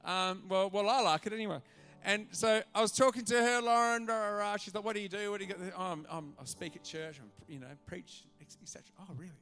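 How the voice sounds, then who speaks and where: An animated male preacher delivers a sermon to his church, slipping into little voices as he tells his stories. His voice sits a touch high and sounds bright and forceful. A soft bed of music plays faintly behind him. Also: fast talker, few pauses, clean tone. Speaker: pastor. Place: church auditorium.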